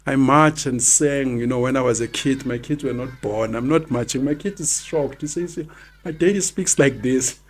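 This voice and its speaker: A woman co-hosting a podcast, asking questions in a relaxed, slightly hesitant way. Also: rumbling low, moderate pace, few pauses. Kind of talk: casual chat.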